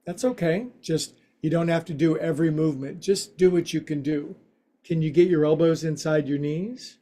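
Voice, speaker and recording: A man teaching a yoga class, guiding stretches with slow cues and playful, folksy quips. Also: on the high side, mellow. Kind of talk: guided yoga class instruction.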